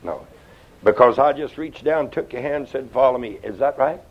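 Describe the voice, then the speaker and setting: An older man preaching a sermon, folksy and storytelling, swinging between loud outbursts and hushed asides. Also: medium pitch, lively intonation, normal speed. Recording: dull lo-fi sound.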